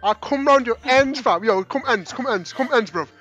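A man's voice: very high voice, animated, normal speed, pushed and bright, lo-fi sound, heavily acted. A northern English man putting on a swaggering young London street tough, thick with slang and mock threats. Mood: boastful.

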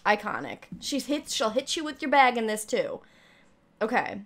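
A woman's voice: on the high side, normal speed. A young woman reacting to a trailer and reading it aloud, gushing and a little out of breath. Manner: gushing, squealing with excitement. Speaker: gaming YouTuber reacting to a trailer.

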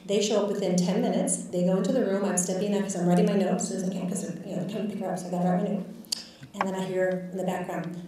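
A woman's voice: mid-range voice, fairly even intonation, rapid-fire, background noise. A woman physician telling a lecture audience about a patient, candid and reflective, with many filler words. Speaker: physician guest speaker. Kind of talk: storytelling in a lecture. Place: lecture hall. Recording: echoey lecture hall, far from mic.

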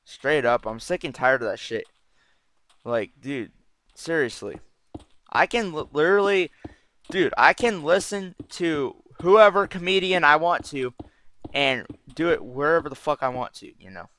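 A man's voice: fairly high pitch, lively intonation, a little slow, a bit bright, dry recording. A man giving casual gameplay commentary as a channel host, brash and profane, rambling as he plays.

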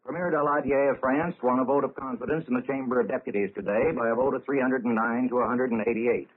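Husky man reading 1930s radio news. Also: mid-range voice, fairly even intonation. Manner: measured, formal delivery with dry wry asides. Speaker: radio newscaster. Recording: tinny lo-fi 1930s radio broadcast.

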